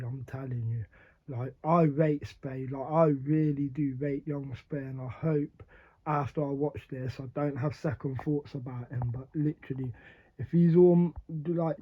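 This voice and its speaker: A man's voice: medium pitch, steady tone, moderate pace, husky. A man giving blunt, slangy reaction commentary, swearing often and laughing between remarks. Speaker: reaction video host. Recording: dull lo-fi sound.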